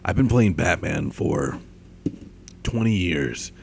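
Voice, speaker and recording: A young man doing a gruff, growling caped crusader. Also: sits low, expressive, slow pace, slight background noise, voice pushed down, exaggerated voice. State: tired, overworked throat. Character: gruff deep-voiced male caped crusader. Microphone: microphone with pop filter.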